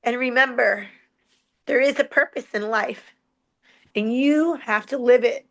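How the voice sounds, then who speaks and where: A woman's voice: on the high side, moderate pace, gravelly, fairly bright tone. A woman on a motivational panel who talks earnestly, laughs often and repeats her words for emphasis. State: just out of hospital.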